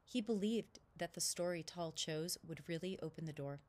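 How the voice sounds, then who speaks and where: A woman reading a children's storybook aloud with steady, clear narration. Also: on the low side, moderate pace.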